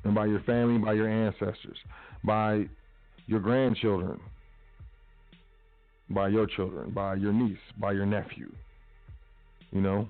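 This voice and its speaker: A man's voice: fairly low pitch, little pitch movement, a little slow, pauses often, no echo, faint music behind. A man hosting a talk radio show, speaking casually and emphatically and repeating his phrases. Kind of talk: motivational talk radio monologue. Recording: tinny phone-like line, dry.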